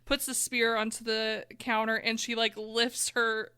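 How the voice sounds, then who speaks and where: A woman's voice: fairly high pitch, little pitch movement, a little slow, pushed and bright, clear, resonant tone. A woman describing her character's actions as a player in a tabletop game, somewhat tentative. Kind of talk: casual tabletop play.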